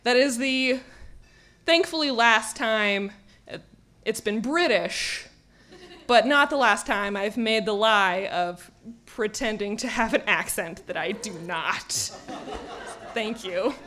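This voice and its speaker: A woman's voice: fairly high pitch, slow, bright, forceful tone. A woman telling a funny personal story on stage at a live event, self-mocking and often laughing through her words.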